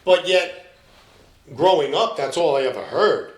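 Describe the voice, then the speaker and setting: An upbeat man chats casually about his acting work, cracking small jokes as he goes. His voice sits high for a man. The room around him rings with echo. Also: expressive, unhurried. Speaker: actor guest. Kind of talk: casual podcast chat. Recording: echoey room.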